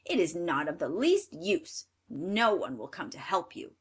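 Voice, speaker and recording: A woman's voice: fairly low pitch, huge pitch swings, a little slow, husky, exaggerated voice. A woman voicing a cruel, greedy old witch in a storybook reading, sneering and barking harsh commands. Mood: scornful.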